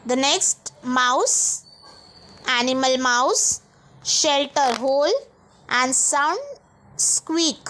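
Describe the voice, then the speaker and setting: A woman's voice: high-pitched, bright, forceful tone, a little hiss or hum. A woman teacher giving a lesson to young pupils, spelling each word out letter by letter and repeating it. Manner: slow, spells words letter by letter and repeats them.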